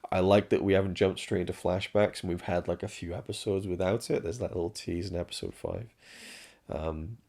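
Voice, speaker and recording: Gravelly deep-voiced man ranting casually. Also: steady tone, brisk, a little mellow. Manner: rambling, frank, swears freely, many restarts. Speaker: show reviewer. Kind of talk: casual spoken review.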